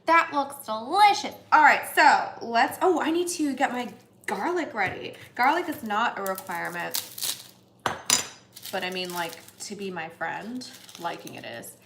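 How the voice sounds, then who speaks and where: A young woman runs a cooking livestream from her home kitchen, chatting casually, giggling and tossing in playful asides as she cooks. Her voice is a little high and creaky, with lively intonation and a measured pace. The kitchen is echoey, with pots and dishes clattering and some background noise.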